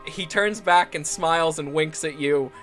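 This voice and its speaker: A man's voice: a little high, unhurried, fairly bright tone, soft background music. A man narrating as game master of a tabletop game, rambling with frequent restarts and laughs.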